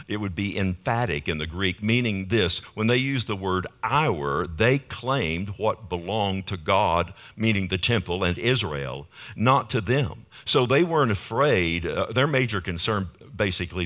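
The lowish, fairly bright voice belongs to a pastor giving a sermon in a Fort Worth church. He drives his points home emphatically, asking the congregation "amen?" along the way.

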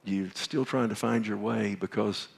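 A man preaching a sermon as pastor, asking the congregation rhetorical questions and swinging from loud emphatic calls to hushed near-whispers. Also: on the low side, fairly even intonation, a little slow, vocal fry, breathy edge. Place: church.

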